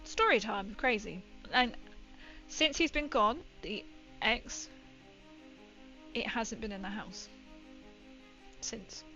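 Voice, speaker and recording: A woman's voice: on the high side, lively intonation, slow, pauses often, bright, forceful tone, muffled recording. A young woman streaming while painting miniatures, telling a rambling story in casual chat with lots of fillers. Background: faint background music.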